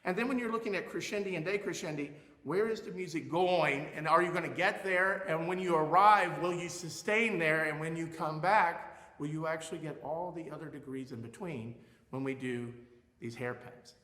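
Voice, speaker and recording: Bright-voiced male music teacher, echoey room. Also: fairly high pitch, normal speed. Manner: expressive, demonstrates loudness with his voice. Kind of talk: recorded music lesson.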